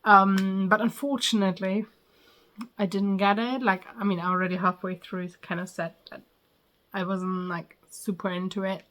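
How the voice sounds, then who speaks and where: A woman's voice: mid-range voice, little pitch movement, moderate pace, fairly bright tone. A woman talking casually to camera as she reviews a book, her speech full of ums and likes. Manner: chatty, frequent ums and likes.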